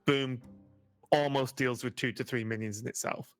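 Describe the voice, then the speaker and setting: A man co-casting a live card game tournament, quick to react to plays and crack jokes. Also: mid-range voice, fairly even intonation, soft background music. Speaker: esports caster.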